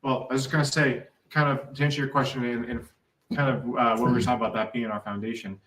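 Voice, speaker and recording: A man in casual chat as co-host, talking haltingly with many fillers. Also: medium pitch, level tone, fairly bright tone, reverberant, far from the mic, rough recording.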